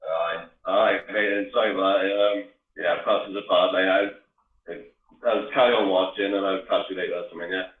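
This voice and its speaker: Man caller, mumbled, halting, low voice, tinny phone line, echoey. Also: steady tone. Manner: halting, mumbled, hard to make out. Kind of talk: casual call-in chat.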